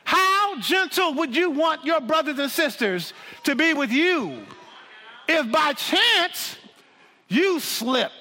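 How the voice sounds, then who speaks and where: A man preaching a sermon in an animated, humorous way, with frequent restarts and asides. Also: very high-pitched, takes it slowly, big-room sound.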